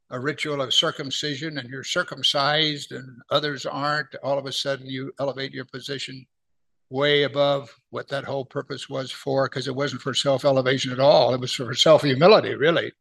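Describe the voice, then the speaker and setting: A middle-aged man gives a conversational, verse-by-verse Bible lesson, asking listeners rhetorical questions. His medium-pitched voice has fairly even intonation, vocal fry and a slight brightness, and he slows right down to read scripture aloud.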